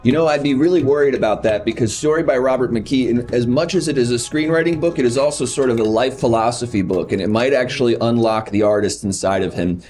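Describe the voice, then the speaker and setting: A man doing improv comedy as a medium, calm and deadpan in his explanations. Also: medium pitch, quick pace, hardly any pauses, soft background music.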